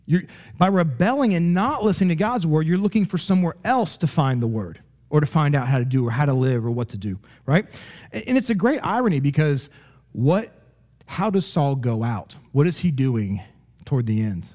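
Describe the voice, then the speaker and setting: A man's voice: on the high side, very animated, normal speed, darkish tone. A man teaching a Bible study lesson with slides, talking emphatically and conversationally, often asking "right?".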